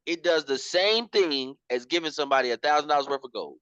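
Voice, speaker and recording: A man's voice: fairly high pitch, animated, brisk, fairly bright tone, clean tone, no room sound, dull audio. A man teaching finances in casual slang, often repeating himself and calling his listener "bro". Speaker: program instructor.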